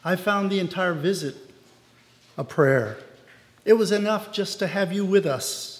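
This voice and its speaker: A man voicing a grieving woman who sincerely thanks her pastor, speaking softly and earnestly in a reverberant hall. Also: fairly low pitch, measured pace, close to an everyday voice. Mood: earnest, grateful.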